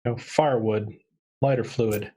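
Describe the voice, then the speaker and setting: A man's voice: lowish voice, steady tone, normal speed, warm tone, a little hiss or hum. A man playing in a tabletop game livestream who talks in a dry, joking way. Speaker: player.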